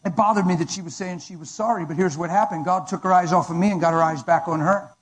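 A man's voice: high voice, fast talker, slightly rough, poor audio. A man preaching, giving a dramatic, emphatic testimony. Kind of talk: sermon testimony.

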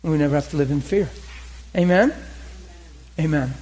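A man preaching a storytelling sermon, talking conversationally and getting animated, with laughs and shouts at the peaks. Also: fairly high pitch, moderate pace, low-quality recording.

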